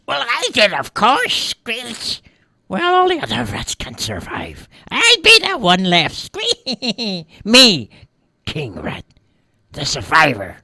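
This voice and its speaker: A woman's voice: mid-range voice, wildly swooping pitch, slow pace, sharp tone, dry recording, clean studio sound, pitched above the performer's own voice, heavily acted. A woman doing a screeching boastful rat king. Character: boastful scheming male sewer rat king.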